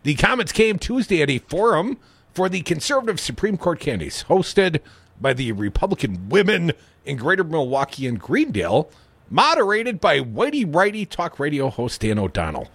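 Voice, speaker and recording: A man hosting talk radio, his voice leaping all over the scale with sardonic bite. The tone is a bit husky and slightly high for a man. He sounds dry and close on a studio mic. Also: normal speed, dry recording. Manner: sardonic, animated. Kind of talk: talk radio banter and news reading.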